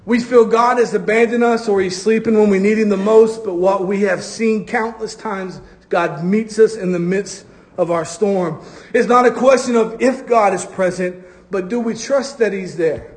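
A man preaching a sermon to his congregation, stretching key phrases for emphasis. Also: sits high. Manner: preaching with drawn-out emphatic phrases and acted quotes. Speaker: pastor. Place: church.

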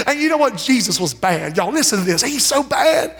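High-voiced preacher in a reverberant hall. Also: male voice, very animated, fairly quick, hardly any pauses, a bit bright. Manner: impassioned preaching, swinging pitch and pace, calls to the congregation. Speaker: pastor. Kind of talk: sermon. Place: church sanctuary. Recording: long church hall reverb.

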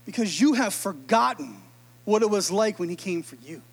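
A man voicing an earnest, wise male disciple who speaks in a gentle, admonishing way. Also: sits high, expressive, moderate pace, creaky, breathy edge, voice pushed down, exaggerated voice.

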